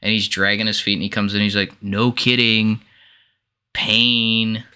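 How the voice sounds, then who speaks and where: A man co-hosting a podcast in casual chat, animated, laughing often and swearing freely. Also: fairly low pitch, rapid-fire, background noise. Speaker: podcast co-host.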